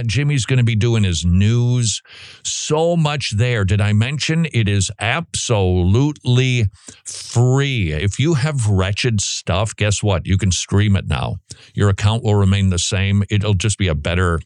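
A man's voice: fairly low pitch, dry recording, studio quality. A man hosting a Christian radio show, talking casually and rambling, with asides to his co-host and appeals to listeners.

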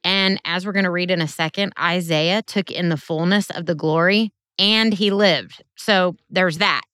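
A woman's voice: on the low side, normal speed, fairly bright tone, clear, resonant tone, no room sound, studio quality. A woman giving a Bible teaching sermon in an earnest, conversational way with emphatic turns.

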